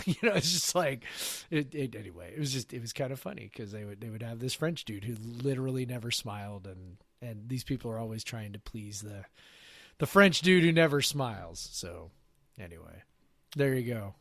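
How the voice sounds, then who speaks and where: A man co-hosting a podcast, rambling in casual chat with many fillers and quick silly impressions. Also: mid-range voice, animated, gravelly, fairly bright tone, no echo, studio quality. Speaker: podcast co-host.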